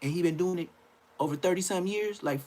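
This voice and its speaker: A young man ranting on a livestream, loud and mocking, repeating phrases and stammering. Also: high-pitched, fast talker. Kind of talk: trash-talking rant on a livestream.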